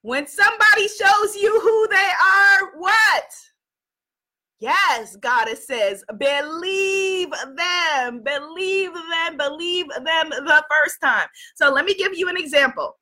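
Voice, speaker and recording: A woman from New York giving a casual motivational talk to a live audience, animated and laughing often, greeting viewers by name. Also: very high-pitched, takes it slowly. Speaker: livestream host.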